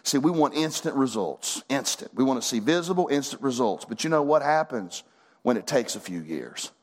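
A man's voice: mid-range voice, lively intonation, normal speed. A middle-aged man preaching a sermon as pastor, folksy and fervent, building to emphatic bursts.

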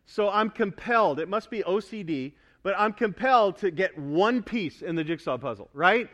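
Male pastor, high-pitched, emphatic sermon delivery, calls out to the congregation. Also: expressive, moderate pace. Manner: emphatic, builds to loud pointed repetition; asks the congregation for responses. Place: church sanctuary.

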